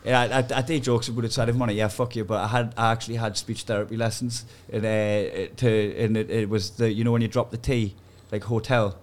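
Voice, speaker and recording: A man's voice: lowish voice, little pitch movement, fast, hardly any pauses, darkish tone. A man with a Geordie accent chats as a comedian guest on a podcast. He tells his stories with lots of animation, swears freely and slips into silly voices to act out other people. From North East England. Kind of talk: casual podcast chat.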